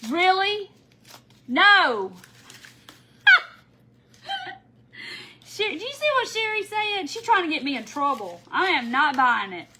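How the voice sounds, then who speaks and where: A chatty woman with a high, bright voice. She hosts a casual craft livestream from home, laughing often and answering viewers by name as she works. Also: very animated, normal speed, a little hiss or hum, poor audio. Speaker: craft tutorial host.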